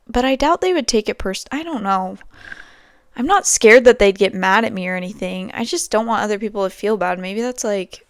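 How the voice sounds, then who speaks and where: With a mid-range, clean voice and a clean studio sound free of room noise, a young female podcast host chats casually, telling meandering stories full of fillers.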